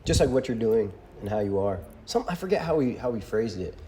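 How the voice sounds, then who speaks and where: A man's voice: lowish voice, big pitch swings, a little fast, mellow, slight background noise. A man in his twenties co-hosting a podcast, chatting casually with playful teasing and plenty of laughs. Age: 20s. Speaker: podcast co-host.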